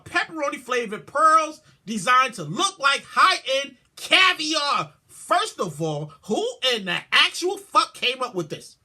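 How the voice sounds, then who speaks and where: Woman, podcast host, comic news commentary, highly animated pitch, high voice, loud exclaiming, repeating, swearing. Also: normal speed, hardly any pauses.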